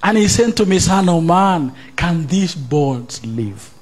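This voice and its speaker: A male pastor with a husky, somewhat high voice preaches to his congregation. He reads scripture aloud, slows down to stretch out key phrases and suddenly surges in volume. He asks the listeners questions as he goes. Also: very animated. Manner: preaching with sudden loud rises and drawn-out emphasized quotes. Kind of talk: sermon. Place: church service.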